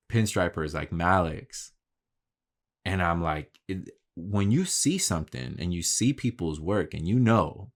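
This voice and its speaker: A man talking in a casual, candid vlog monologue, swearing freely and telling stories about his work. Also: sits low. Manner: profane, candid, talks through stories. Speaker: vlogger.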